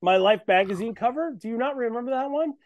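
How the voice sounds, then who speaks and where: A man's voice: extremely high pitch, expressive, fast talker, a loud crowd. A man chatting casually on a podcast as a guest, boastful and joking. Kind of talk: casual chat.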